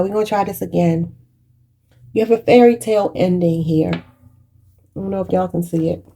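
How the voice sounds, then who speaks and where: A woman's voice: lowish voice, fairly even intonation, normal speed, gravelly, long pauses, warm tone, breathy edge. A woman giving a channeled tarot reading, emotional and preachy, choked up and near tears, calling her viewers y'all. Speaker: tarot reader.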